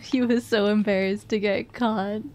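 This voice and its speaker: A woman's voice: mid-range voice, steady tone, a little slow, darkish tone. A woman streamer chatting casually while playing, rambling through stories and laughing often. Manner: giggly, rambling storytelling with frequent laughs. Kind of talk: casual gameplay chat.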